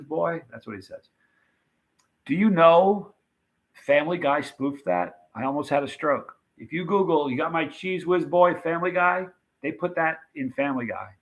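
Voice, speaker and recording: A man hosting a casual live stream, reading viewer comments and rambling excitedly about old movie scenes. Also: fairly high pitch. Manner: chatty, rambling, animated retelling of movie scenes.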